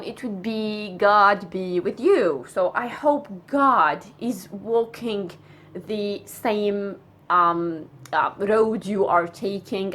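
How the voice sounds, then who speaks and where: Lively woman teaching. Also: mid-range voice. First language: Arabic. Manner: animated, repeats phrases, acts out tones. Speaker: Arabic teacher. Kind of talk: casual spoken language lesson.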